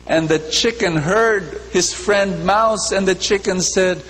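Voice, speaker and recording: A man's voice: sits high, a little slow, hardly any pauses, fairly bright tone. A man preaching a sermon in a large church, repeating phrases, questioning his listeners and telling a fable. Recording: long church reverb, faint hum.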